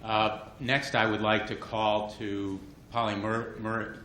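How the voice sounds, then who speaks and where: Man presenting awards at a conference, halting and formal, recorded off-mic in a noisy echoey hall. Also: on the low side, little pitch movement, a bit bright. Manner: formal, hesitant, stumbles over names. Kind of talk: conference announcement. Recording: roomy distant mic in a crowded hall.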